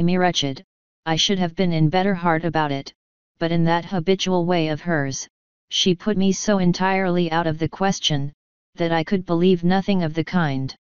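A woman narrating an audiobook with an even, measured delivery. Her voice is a little low and very smooth. The recording is dry and dull, with little room sound. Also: dry recording. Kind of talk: scripted narration.

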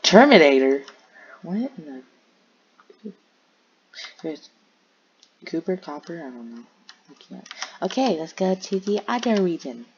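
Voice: medium pitch, lively intonation, measured pace, pauses often, a little mellow. A gameplay commentator rambling and muttering to themself while browsing game servers. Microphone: home headset or desk mic. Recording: dull lo-fi mic with faint hiss.

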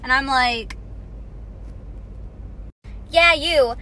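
A woman's voice: sits high, normal speed. A woman in her twenties telling a story as a heated, profane rant. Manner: heated, profane, loud outbursts.

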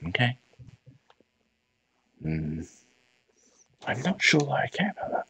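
A man's voice: medium pitch, very animated, unhurried, pauses often, a bit bright, breathy edge. A man out of breath, giving jittery live commentary on a horror game, talking to his character and dropping to whispers. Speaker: let's play streamer.

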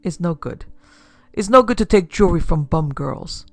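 A woman's voice: fairly low pitch, animated, normal speed, no echo, faint music behind. A woman voicing a domineering older immigrant wife who scolds in curt, broken English. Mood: scolding.

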